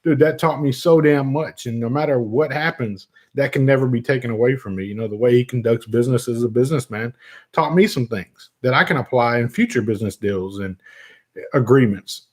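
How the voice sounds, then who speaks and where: Middle-aged man, casual livestream host, profane, jokey, laughs a lot, average pitch. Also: brisk. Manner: profane, joking, laughs often. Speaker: vape channel host. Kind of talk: casual livestream chat reading viewer comments.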